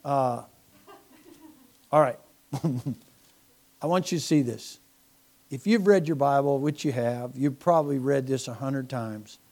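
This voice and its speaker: A man preaching a sermon as pastor, animated and sarcastic, swinging from loud preaching to quiet asides. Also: medium pitch, moderate pace. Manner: mocking, sarcastic humor.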